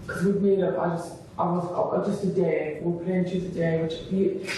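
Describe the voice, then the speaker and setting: A woman's voice: lowish voice, fairly even intonation, fairly quick, dark tone, a little hiss or hum. A woman explaining herself in a defensive, apologetic way. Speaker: reality-show contestant. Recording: echoey, distant room mic.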